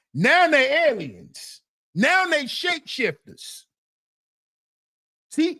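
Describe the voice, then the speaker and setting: A man's voice: very high-pitched, no echo, studio quality. A man hosting a livestream, reading chat comments aloud and answering them in an emphatic, mocking way that repeats phrases.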